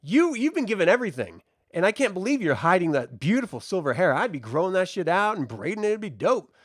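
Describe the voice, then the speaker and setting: A man's voice: high-pitched, big pitch swings, quick pace, no echo, studio quality, pitched above the performer's own voice. A man voicing a laid-back young man who talks in casual slang. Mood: envious.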